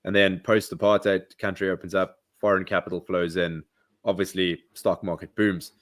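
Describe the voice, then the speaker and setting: A man, a podcast host, explaining in casual chat in a brisk, opinionated way. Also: low voice, flat delivery, no echo, studio quality. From South Africa.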